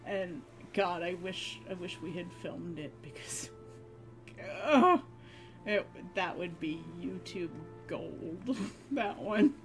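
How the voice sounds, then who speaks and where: A woman streamer chats casually at an unhurried pace, rambling and breaking into giggles between phrases. Music plays clearly underneath her voice. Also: fairly low pitch. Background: background music.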